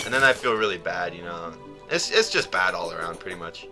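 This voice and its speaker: A young man rambling and joking through casual gameplay commentary, with sudden loud outbursts. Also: on the low side, big pitch swings, moderate pace, music in the background. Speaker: gaming YouTuber.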